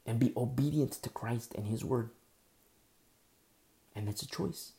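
Delivering a sermon unhurriedly, the male pastor has a mid-range voice with a gravelly edge and a dark, mellow tone. He presses his points through emphatic rhetorical questions, one after another.

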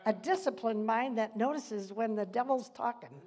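An older woman with a fairly high voice teaches scripture to a small church group. She talks in loose, chatty asides and laughs often, rambling before getting back to the verse. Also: moderate pace, darkish tone. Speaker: Bible study teacher. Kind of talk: informal church Bible teaching.

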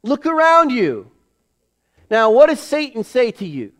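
A middle-aged male pastor preaching a sermon to his church, building to emphatic calls and dropping into hushed asides. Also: huge pitch swings, unhurried. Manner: preaching with emphatic rises, drops to low acted inner voices.

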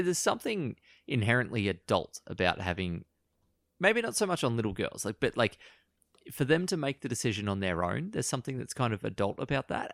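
A man's voice: lowish voice, vocal fry, a bit bright, no echo, studio quality. A man co-hosting a podcast in casual chat, thoughtful and hedging with fillers. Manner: thoughtful, hedging with ums and likes. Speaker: podcast co-host.

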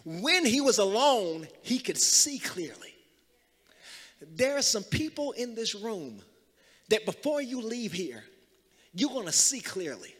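A man pastor preaching a sermon, calling the congregation to repeat after him and building to loud, emphatic passages. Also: sits high, sing-song, slow pace, breathy edge, in a large hall. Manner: call-and-response preaching, rising to loud emphasis. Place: church sanctuary.

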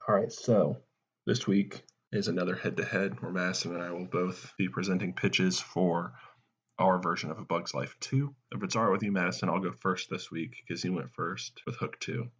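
A man co-hosting a casual comedy podcast, talking in a dry, deadpan joking way. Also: low voice, normal speed, slightly rough. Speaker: podcast co-host. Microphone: headset mic. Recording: dull lo-fi sound.

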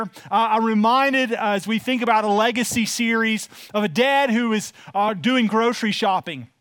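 A man in his forties delivers a sermon in a loose, folksy manner, peppering his talk with uhs. His voice sits high for a man. The sound is dry and close, with little room around it. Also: a bit bright, dry recording. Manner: conversational, folksy, with frequent filler uhs. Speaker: pastor. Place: church.

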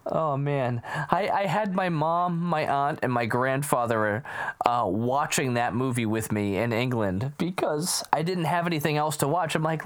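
A man in casual chat about comedy movies, animated, acting out quotes and laughing often. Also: on the high side, normal speed.

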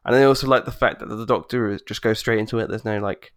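A man with a lowish voice chatting casually on a podcast. He rambles enthusiastically, restarting his sentences as he goes, and the recording sounds dry and close. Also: steady tone, fast talker, fairly bright tone, no echo. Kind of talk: casual chat.

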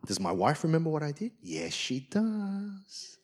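A male pastor delivering a sermon, telling a personal story with lively swings between loud emphasis and quiet, soft lines. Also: fairly high pitch, a little slow. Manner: acts out quoted voices.

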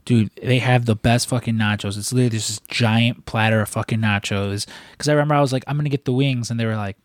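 A man's voice: medium pitch, steady tone, quick pace, dry recording, studio quality. A man from Chicago with a Chicago accent, chatting casually on a podcast, rambling through stories with lots of swearing and restarts.

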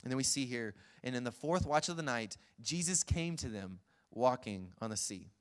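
A man preaching a sermon, retelling scenes in a lively, chuckling way. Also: medium pitch, moderate pace. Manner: lively storytelling, acts out scenes, chuckles often.

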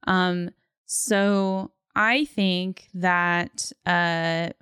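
A woman's voice: on the low side, fairly even intonation, extremely slow, fairly bright tone, clear, resonant tone, no room sound, studio quality. A woman co-hosting a movie podcast in casual chat, giggly and rambling with many fillers. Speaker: podcast co-host.

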